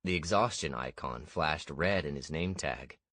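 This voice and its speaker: A man narrating a first-person fantasy audiobook in a steady, measured way. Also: rumbling low, no room sound.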